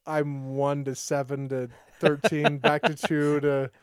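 A man's voice: slow, clear, resonant tone, no room sound, clean studio sound. A man hosting a casual podcast chat, rambling through stories with frequent restarts and acting out quoted lines. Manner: rambling storyteller who restarts sentences often; acts out quoted dialogue with lively pitch jumps. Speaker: podcast host.

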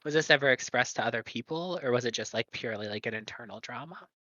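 A co-host asking rambling, stop-start questions in a bright, forceful voice. The sound is dry and a bit dull, like a lo-fi call. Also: mid-range voice, dry recording. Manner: halting, hesitant questions with many restarts. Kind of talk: casual conversation.

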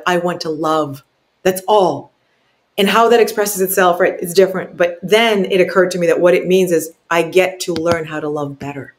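A woman guest on an interview podcast, telling a heartfelt story with lots of expression, often checking in with "right?" and acting out quotes with big jumps in pitch.

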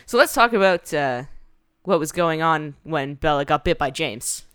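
A woman's voice: deep voice, lively intonation, moderate pace, a bit bright, clear, resonant tone, no room sound, studio quality. A woman co-hosting a podcast, casually recapping a book with profane, sarcastic commentary and frequent laughter. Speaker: podcast co-host.

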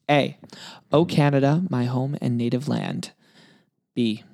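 Guy reading out quiz options, steady and relaxed, mid voice, dry close sound. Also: medium pitch, slow pace, creaky, no room sound. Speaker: quiz reader, co-host. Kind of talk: casual chat, reading quiz questions.

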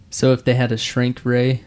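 A man with a Midwestern American accent hosts a casual podcast, gently prompting his young son and chuckling often. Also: medium pitch. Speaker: podcast host.

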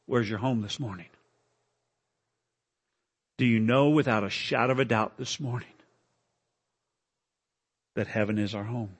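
A male preacher delivering a dramatic sermon at a church service, with emotional, pleading lines that climb high. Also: a little slow, pauses often, breathy edge. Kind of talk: dramatic sermon with recited poem.

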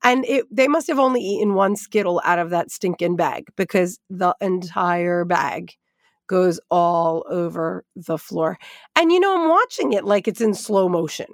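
A woman Bible teacher telling a lively personal story as she leads into a devotional lesson. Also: mid-range voice, moderate pace, hardly any pauses, no room sound, clean studio sound. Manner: animated, expressive storytelling with asides.

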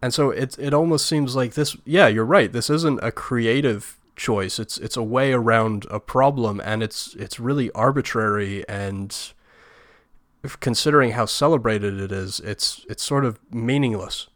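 A man's voice: medium pitch, normal speed, fairly bright tone, no room sound, studio quality. A man co-hosting a film review podcast, talking bluntly with a sarcastic edge. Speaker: podcast co-host. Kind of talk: casual film review chat.

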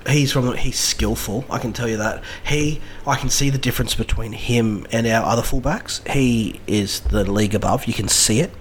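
A man's voice: medium pitch, moderate pace, hardly any pauses, slight background noise. A man co-hosting a casual football chat, swearing freely and joking between points. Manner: profane, banter-heavy, jumps between topics.

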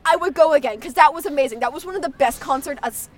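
A woman's voice: high voice, quick pace. Gushing young woman, lots of "like". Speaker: guest. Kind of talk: casual podcast chat.

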